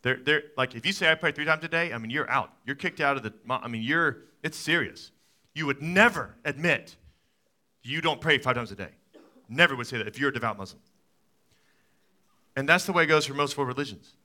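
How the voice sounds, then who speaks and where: A man in his thirties preaching a sermon as a pastor, telling stories with lively swings from loud excitement to quiet, soft talk. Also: mid-range voice, a little fast, pauses often. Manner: animated storytelling, rising to loud excited peaks then dropping soft.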